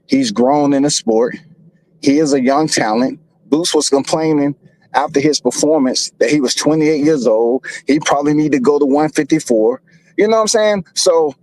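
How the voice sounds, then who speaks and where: A man with a slightly high voice drawls through a heated boxing panel debate, repeating himself when cut off. The sound is dry and close, with no room around it. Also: darkish tone, dry recording, poor audio.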